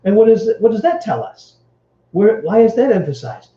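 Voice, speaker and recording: A man's voice: high voice, very animated, normal speed, warm tone, echoey room, highs cut off. A man teaching Hebrew grammar to a live stream, explaining step by step and checking in with his listeners. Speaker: Bible teacher.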